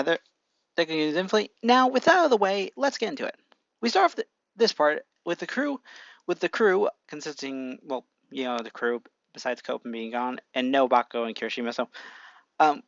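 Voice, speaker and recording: An amateur fan-fiction narrator who rambles, restarts sentences often and clears their throat. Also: medium pitch, no room sound, highs cut off. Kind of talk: casual fan-fiction reading.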